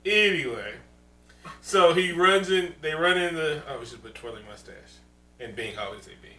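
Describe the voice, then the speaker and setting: Animated, profane man in a roomy room. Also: a little high, normal speed. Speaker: podcast co-host. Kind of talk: casual chat. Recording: roomy, distant mic, faint hum.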